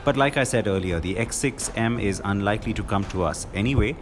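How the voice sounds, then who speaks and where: A man's voice: fairly low pitch, fairly quick, background noise. Man narrating a car review. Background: music.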